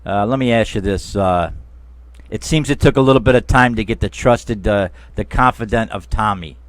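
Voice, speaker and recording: A man with a fairly low voice hosts a casual interview show at normal speed, with no room sound in the recording. He speaks emphatically and addresses his listeners as friends and folks.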